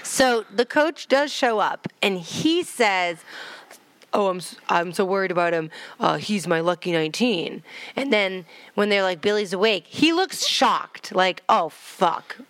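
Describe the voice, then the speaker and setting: A woman's voice: medium pitch, expressive, a little slow, a bit bright, no room sound. Woman co-host, casual rewatch chat, swears a lot, dry sound. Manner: chatty, swears casually, acts out scenes in quoted voices. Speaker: podcast co-host.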